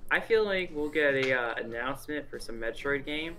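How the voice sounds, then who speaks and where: A young man chatting casually about game predictions, excitable and rambling. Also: mid-range voice, moderate pace. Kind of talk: casual gaming chat.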